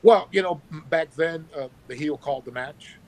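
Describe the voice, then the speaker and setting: A former pro wrestler telling animated stories with sound effects, talking on his phone from work. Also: on the high side, normal speed, low-quality recording. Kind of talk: casual storytelling.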